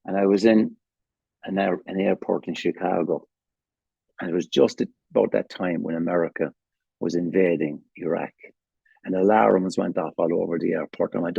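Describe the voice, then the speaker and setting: A man's voice: sits low, steady tone, moderate pace, gravelly, dark tone, husky, no room sound, highs cut off. An older man with an Irish accent gives a candid, emotional personal testimony at a recovery meeting, swearing freely, over a video call. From Ireland.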